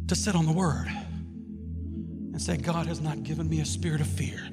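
A man preaching a sermon, telling a story with lively swings into shouting. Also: fairly high pitch, normal speed. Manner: animated storytelling, bursts into shouts. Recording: long hall reverb with loud music.

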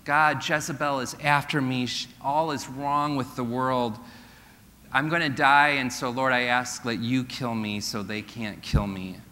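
Elijah, as a preacher puts him on, despairing. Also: male voice, medium pitch, steady tone, measured pace, pushed and bright. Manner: complaining, self-pitying. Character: despairing prophet Elijah, a grown man pleading with God. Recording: long hall reverb.

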